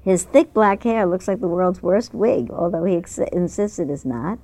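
Gravelly, low-voiced woman meditation teacher. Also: expressive, dark tone. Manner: conversational and unhurried, with small restarts. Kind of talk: dharma talk, reading a news article aloud.

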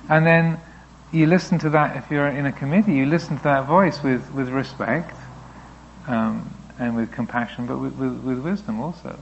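A man, a Buddhist teacher, answering questions in a reflective, gently explaining way, now and then voicing thoughts aloud. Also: medium pitch, normal speed, creaky, highs cut off, slight background noise. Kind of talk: dharma talk Q&A.

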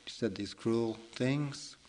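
A man voicing a big, forgiving ox in a told folk tale, speaking calmly and coolly. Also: medium pitch, slow pace, slight background noise, close to an everyday voice, low-quality recording. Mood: calm reproach. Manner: calm, cool, gently reproachful. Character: calm wise male ox, big and forgiving.

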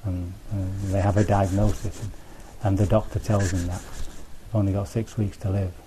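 A man's voice: deep voice, little pitch movement, moderate pace, dark tone, slight background noise. A man teaching as a Buddhist teacher in a conversational dharma talk, thinking aloud with restarts and frequent asides to his listeners.

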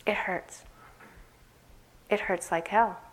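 An older woman giving a conversational dharma talk as a meditation teacher, laughing often and growing animated as she tells stories. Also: mid-range voice, takes it slowly.

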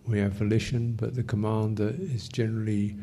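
An older man from England teaching meditation, speaking in a reflective, thinking-aloud way with touches of gentle humor. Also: fairly low pitch, level tone, a little fast, slight background noise. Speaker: meditation teacher answering questions. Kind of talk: unhurried Dharma talk.

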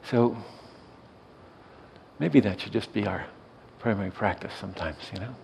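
A soft-spoken man tells a story gently, drawing on his hospice work. His low voice has a strong gravelly fry. He checks in with his listener often. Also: moderate pace, slight background noise, low-quality recording. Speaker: hospice worker and meditation teacher.

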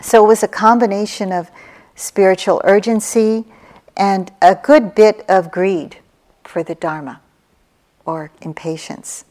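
A woman meditation teacher giving a dharma talk, slow and reflective, with soft pauses and restarts. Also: medium pitch, fairly even intonation. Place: meditation retreat hall.

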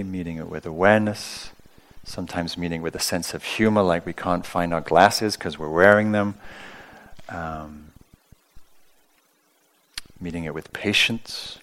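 A man giving a dharma talk at a retreat, gentle and conversational, with light humor and frequent fillers. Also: low voice. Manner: warmly humorous. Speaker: meditation teacher.

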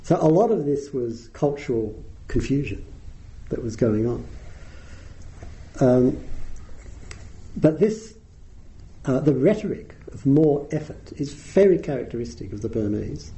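A man's voice: mid-range voice, lively intonation, measured pace, pauses often, dark tone, low-quality recording. A middle-aged man giving a dharma talk as a meditation teacher, telling wry anecdotes and chuckling at his own stories.

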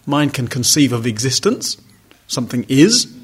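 A man's voice: mid-range voice, very animated, moderate pace, slightly rough. A man giving a reflective, conversational dharma talk as a meditation teacher, with wry asides. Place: retreat center hall.

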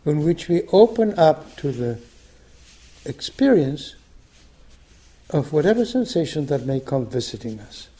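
An older meditation teacher gives a dharma talk in a mellow, fairly high voice. His pitch rises and falls a lot as he reads. He speaks slowly, and many phrases fade to a soft whisper. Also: big pitch swings. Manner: soft, unhurried, phrase ends dropping to a whisper. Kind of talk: dharma talk, reading a story aloud.

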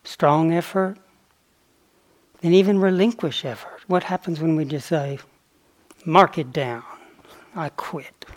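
A meditation teacher gives a dharma talk on retreat, his voice a little high. He's reflective and unhurried, dropping in playful asides.

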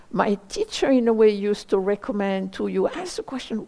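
A woman meditation teacher giving a dharma talk, searching for words slowly with many pauses and hedges. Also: mid-range voice, expressive, creaky, mellow.

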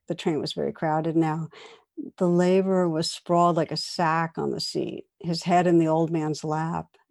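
A woman meditation teacher giving a dharma talk, telling a story in a gentle, reflective way. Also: deep voice. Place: meditation hall.

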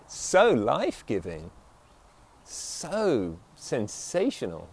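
Male meditation teacher, mid pitch, very animated intonation; reflective dharma-talk delivery that keeps checking in with "yeah?". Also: takes it slowly.

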